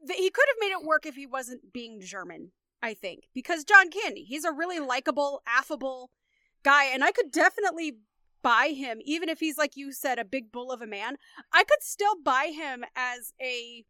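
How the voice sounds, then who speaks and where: High-voiced woman on a movie podcast, bright and dry sounding, super enthusiastic. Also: lively intonation, normal speed, no echo. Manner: enthusiastic, gushing about actors. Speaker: podcast co-host. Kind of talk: casual movie discussion podcast.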